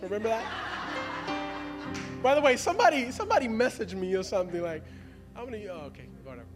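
A man's voice: high voice, sing-song, quick pace, long pauses. A man in his thirties preaching a sermon as a pastor, conversational and laughing often as he speaks to the congregation. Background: music.

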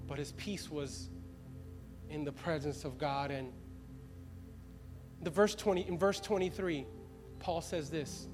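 A man's voice: a little high, measured pace, long pauses. A man in his thirties preaching a sermon as a pastor, conversational and laughing often as he speaks to the congregation. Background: music.

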